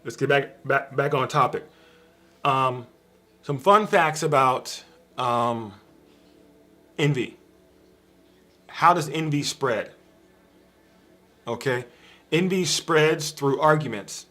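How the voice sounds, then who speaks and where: Slow and full of long pauses, this man's mid-range voice comes across as pushed and bright. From a home room with a dog bed tucked in the corner, he gives a casual spiritual teaching on a live stream, speaking straight to viewers in a repetitive, emphatic way.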